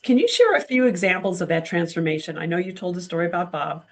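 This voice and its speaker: A woman's voice: on the low side, animated, fast talker. A woman hosting an interview, affirming her guest with frequent encouraging interjections and asking her questions. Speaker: host. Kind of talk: interview host.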